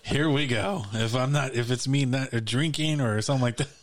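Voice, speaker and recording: A man's voice: mid-range voice, fairly quick. A man co-hosting a casual podcast, telling stories in a loose, rambling way full of fillers. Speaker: podcast co-host. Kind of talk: casual chat.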